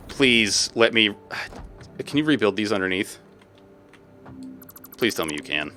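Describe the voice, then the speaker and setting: A man streaming a factory-building game, chatting with viewers in an animated way and breaking into exasperated, swearing outbursts. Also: fairly low pitch, a little slow, long pauses, faint music behind. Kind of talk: live gameplay commentary.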